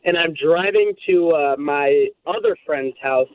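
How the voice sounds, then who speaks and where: A male caller bursts through a thin, phone-like line, his slightly high voice rambling breathlessly as he relives the game. He talks in excited run-ons with lots of "I, I" restarts. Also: a little slow, no room sound. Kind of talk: excited call-in chat.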